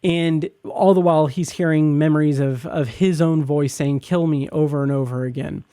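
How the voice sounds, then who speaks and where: A man talks through his thoughts on a TV episode in a relaxed, rambling podcast style, stumbling over words and circling back as he goes. His voice is mellow and slightly raised in pitch, recorded close and dry with no room sound. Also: clean tone, no echo. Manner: halting, many fillers and restarts, enthusiastic. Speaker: podcast host reviewing a TV episode. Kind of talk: casual spoken review.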